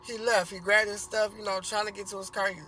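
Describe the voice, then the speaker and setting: A man's voice: sits high, flat delivery, fast talker, sharp tone, a little hiss or hum. A man casually telling a rambling family story for a vlog, repeating himself and swearing freely.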